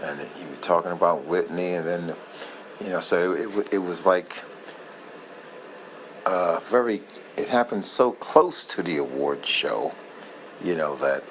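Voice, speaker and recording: Slow, low-voiced man reminiscing. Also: fairly bright tone, a little hiss or hum, rough recording. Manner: rambling, halting, often losing his thread; heartfelt, moved by the memory. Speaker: vlogger sharing memories. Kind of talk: casual reminiscing monologue.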